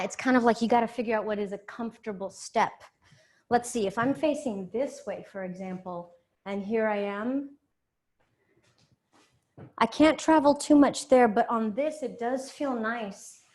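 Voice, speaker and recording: A woman's voice: on the high side, unhurried, darkish tone. A woman teaching an online dance class from home, counting beats aloud and answering questions in an upbeat, encouraging way, a bit out of breath. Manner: counts beats rhythmically, scats, cheerful and encouraging.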